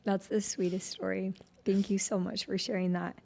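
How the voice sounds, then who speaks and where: Woman interviewer with a gravelly fry. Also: medium pitch, flat delivery, normal speed, mellow. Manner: sympathetic, encouraging questions. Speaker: podcast host.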